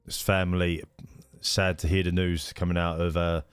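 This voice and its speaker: A man's voice: deep voice, flat delivery, moderate pace, clean tone, no echo. A man hosting a live stream of a racing league, chatting casually and greeting viewers by name with lots of fillers.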